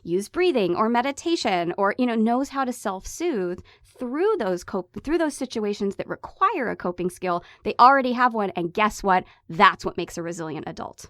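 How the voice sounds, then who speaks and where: A woman in her thirties talks with passion on a podcast, pressing her points hard and pleading with listeners. Her voice sits at a middle pitch, and the recording is close and dry with no room sound. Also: lively intonation, moderate pace, few pauses, no echo. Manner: impassioned, emphatic, pleading. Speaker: podcast co-host, hypnotherapist. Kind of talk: casual podcast chat.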